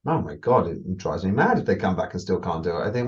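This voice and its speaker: A man co-hosting a casual podcast as a dog agility trainer, telling animated stories, laughing and swearing. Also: low voice, fast, dull audio.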